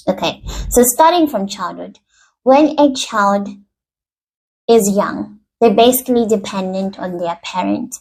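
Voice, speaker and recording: A woman with a middle-pitched voice gives an earnest self-help talk. She explains patiently and works through example after example. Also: poor audio. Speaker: relationship and self-help speaker. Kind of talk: self-help teaching to camera.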